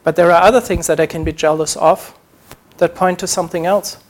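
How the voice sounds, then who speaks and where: A man's voice: on the high side, fairly even intonation, a little fast. A man preaching a sermon, earnest, acting out short quoted prayers as he teaches.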